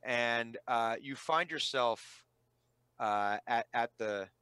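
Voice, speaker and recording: Halting man as game master. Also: mid-range voice, pushed and bright, clean tone, dry recording. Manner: halting, full of restarts and fillers. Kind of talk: narrating a tabletop game.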